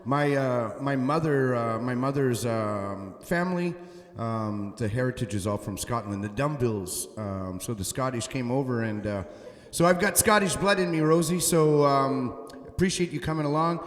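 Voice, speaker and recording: A musician hosting a casual live stream from home, talking haltingly with many fillers and restarts. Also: male voice, mid-range voice, expressive, reverberant, in a large hall.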